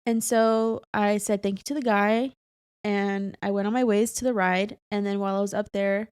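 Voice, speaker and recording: A woman's voice: mid-range voice, steady tone, normal speed, darkish tone, clean tone, no room sound. A young woman co-hosting a podcast, telling a personal story in casual chat, full of fillers and close to tears at times. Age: young adult. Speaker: podcast co-host.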